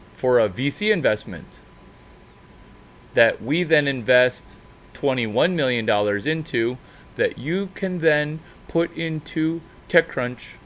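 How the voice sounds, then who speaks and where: A man talking off the cuff as a startup mentor, in an animated, unscripted monologue with sudden jumps in pitch and loudness and drawn-out emphasis.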